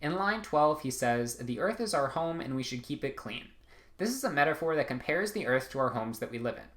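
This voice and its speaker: A man's voice: on the high side, a bit bright. A young man teaching a recorded writing lesson, casual and loose, with frequent ums and "right?" checks. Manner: casual, many ums and rights, restarts mid-sentence. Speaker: test prep instructor.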